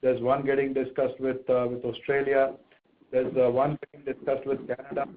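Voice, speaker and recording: Man, company executive, halting and hesitant, flat intonation, tinny phone audio. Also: mid-range voice. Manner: hesitant, many fillers and restarts. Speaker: company executive on earnings call. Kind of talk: conference call answer.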